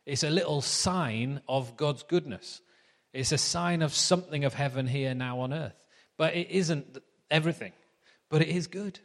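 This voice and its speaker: A man's voice: a little high, moderate pace, long reverb tail. A man preaching a sermon in a chatty, anecdotal storytelling manner.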